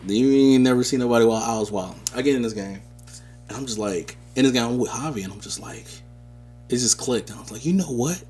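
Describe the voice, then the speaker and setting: A man co-hosting a podcast, telling stories in a casual, animated, slangy way. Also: medium pitch, fast talker, husky, faint music behind. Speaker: podcast co-host. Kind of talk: casual chat.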